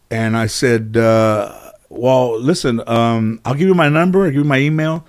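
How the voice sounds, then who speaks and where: A man's voice: medium pitch, moderate pace, hardly any pauses. Rambling middle-aged man telling stories. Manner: rambling, anecdotal, lots of fillers and restarts. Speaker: interview guest, comedian and actor. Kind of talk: casual storytelling in an interview.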